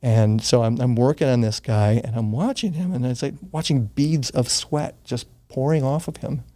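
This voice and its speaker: A man's voice: mid-range voice, moderate pace, mellow. Earnest older man telling a story. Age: 60s. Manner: earnest, gets choked up, swears casually. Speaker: interview guest. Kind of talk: casual storytelling in an interview.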